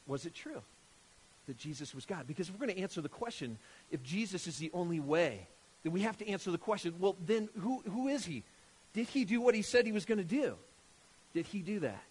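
High-voiced man preaching animatedly. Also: husky. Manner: animated, emphatic, rhetorical questions to the audience. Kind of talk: sermon with scripture reading.

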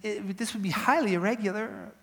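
A man voicing a male judge who speaks haltingly, with fillers and restarts. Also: sits high, a bit bright, voice pushed up. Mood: stern. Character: hesitant, impatient male judge.

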